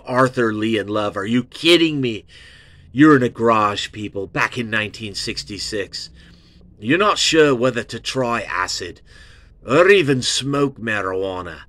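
A man hosting an album review show, gushing and excitable, repeating himself and swearing freely. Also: lowish voice, no echo. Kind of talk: rambling casual album review.

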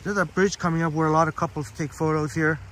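A man's voice: a little high, steady tone, quick pace, a bit bright, slight background noise. A man hosting a live-streamed walk outdoors, chatting casually and answering viewers by name. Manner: chatty, reads viewer comments aloud by name. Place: outdoors in a park, walking. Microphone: phone on a live stream.

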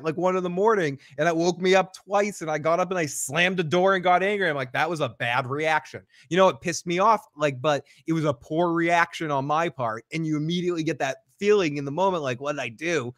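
A man on an after show, talking through a scene with lively energy and voicing the characters' lines as he goes. His voice sits a bit high for a man. The sound is close and dry, with little room around it. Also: no echo. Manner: animated, acts out characters' lines, many restarts. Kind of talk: casual recap chat.

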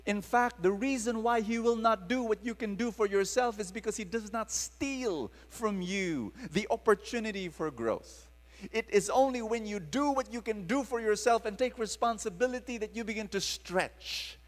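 Speaking at a moderate pace in a high-pitched voice, a Filipino-accented man tells dramatic stories in a sermon to a live crowd. He keeps calling for their responses, and the big hall carries a long reverb.

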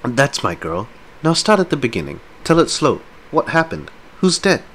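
A man reading aloud, voicing a calm, caring man who soothes a distressed friend in a soft, reassuring tone with casual slang. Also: medium pitch, normal speed, a little hiss or hum, voice pushed up. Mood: gentle.

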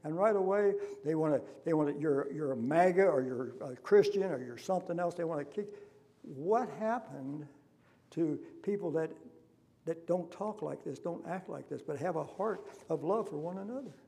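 A male pastor delivers an impassioned sermon in a church. His voice is somewhat high yet dark and mellow, with a gravelly fry, and he drives each point home with pointed questions. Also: moderate pace. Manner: impassioned preaching with rhetorical questions. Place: church sanctuary.

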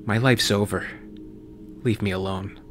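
A man's voice: lowish voice, fairly even intonation, a little slow, a bit bright, slight background noise. A man reading an audiobook voices a cynical, short-tempered male pilot who turns sarcastic and raises his voice. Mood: desperate bitter.

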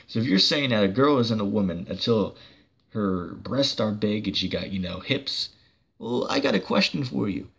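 A man's voice: on the low side, big pitch swings, moderate pace, gravelly, a bit bright, breathy edge. A man preaching on a church channel in a heated, combative monologue, cursing and mocking the person he argues against.

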